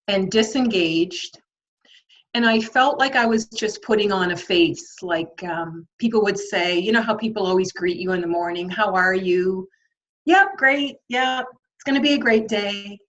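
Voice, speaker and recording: A woman's voice: medium pitch, fairly bright tone, highs cut off. A woman guest on a podcast interview, speaking candidly and reflectively, with frequent ums and light laughter.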